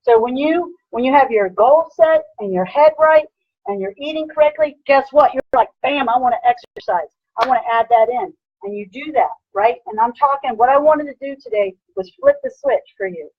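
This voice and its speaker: Husky, punchy woman fitness coach. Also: high voice, moderate pace, no echo, dull audio. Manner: energetic, punchy, repeats "bam" and "right?". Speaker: personal trainer. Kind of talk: motivational lecture.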